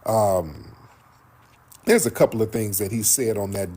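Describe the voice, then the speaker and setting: A man's voice: lowish voice, a little slow, dark tone, breathy edge. A man telling a story casually in a played clip, animatedly acting out what others said. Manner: retells a confrontation, acting out quotes animatedly.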